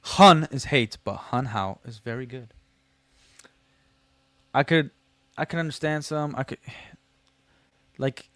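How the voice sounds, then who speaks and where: A male livestream host chats casually and jokes with his viewers. His voice is smooth and clear at a middling pitch. The sound is dry and close, with no room echo. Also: a bit bright. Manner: reads chat messages aloud and answers them, joking and teasing; slangy, loose delivery with many fillers.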